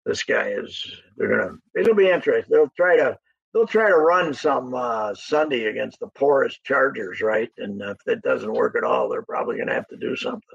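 A man's voice: mid-range voice, fairly quick, creaky, slightly rough, dry recording. A man chatting casually about sports as a guest, rambling and chuckling through stories. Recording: muffled lo-fi line.

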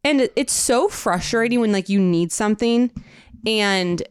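A woman's voice: medium pitch, unhurried, clean tone, dry recording, studio quality. A young adult woman co-hosting a podcast in casual chat, rambling along with heavy use of "like.". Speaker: podcast co-host.

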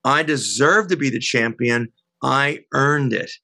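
Gravelly bright-voiced woman telling a story. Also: extremely low pitch, a little slow, no echo. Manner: animated, indignant, quotes others. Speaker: guest. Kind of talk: casual interview storytelling.

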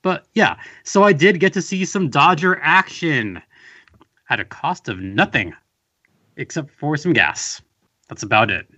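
A man's voice: a little high, animated, unhurried, bright, forceful tone, dull audio. Rambling, wry Southern California man. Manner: rambling, wry storytelling with fillers. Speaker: podcast host guest. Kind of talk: casual chat.

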